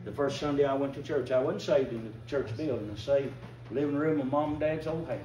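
A man's voice: medium pitch, a little fast. An older man preaching a fervent revival sermon in a church, breaking into emphatic bursts as the congregation calls back. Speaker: visiting preacher. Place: church sanctuary. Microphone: distant room mic. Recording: echoey church from far off. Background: congregation calling out responses.

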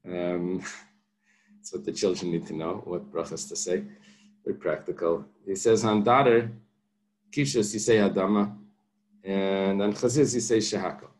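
Guy with a lowish voice teaching a talmud class, translating line by line, laid back. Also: a little slow, long pauses, a little mellow. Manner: translates Aramaic line by line, explains patiently. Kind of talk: daf yomi Talmud class.

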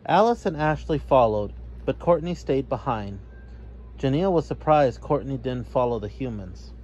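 A man reading a children's story aloud as narrator, in a measured way. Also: mid-range voice, lively intonation, darkish tone, muffled recording, a little hiss or hum.

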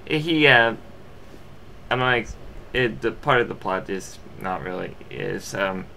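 Bright-voiced young man rambling a review. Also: lowish voice, animated, a little slow, gravelly, slight background noise. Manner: rambling, full of fillers and restarts. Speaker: amateur movie reviewer. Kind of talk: casual movie review.

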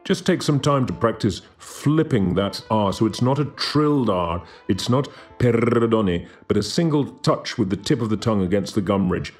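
A man giving a scripted language lesson who slowly and carefully demonstrates how to pronounce each word. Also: fairly low pitch, lively intonation, a little mellow, soft background music. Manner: slow, careful demonstration of pronunciation. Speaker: language teacher.

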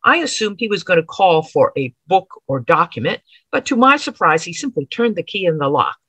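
A woman reads her own story aloud with measured, expressive pacing. Her bright voice rises and falls widely and has a slightly breathy texture. The recording is dry and close. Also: lowish voice, dry recording, low-quality recording. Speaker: author reading her story. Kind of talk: dramatic reading of period fiction.

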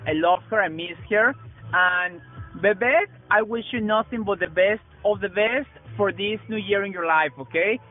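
A man's voice: sits high, normal speed. Guy gushing greetings, tinny phone recording with faint music. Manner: warm, effusive, repeats himself. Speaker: friend sending a birthday message.

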